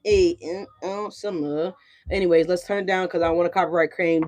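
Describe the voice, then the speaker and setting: A woman's voice: medium pitch, expressive, fairly quick, a little mellow. A woman doing a casual tarot reading for her viewers, chatty and profane, often asking "right?". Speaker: tarot card reader.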